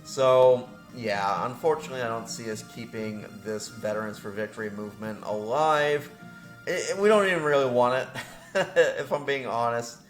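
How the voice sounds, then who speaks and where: A man's voice: mid-range voice, normal speed. A man hosting gameplay commentary, rambling and self-deprecating, laughing often. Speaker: game channel host. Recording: roomy echo with faint music.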